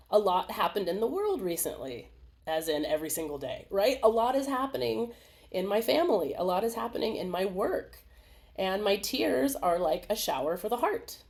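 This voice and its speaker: A woman hosting a live video webinar in a casual, animated way, laughing often and acting out small voices. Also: mid-range voice, moderate pace. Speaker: webinar host. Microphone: video call.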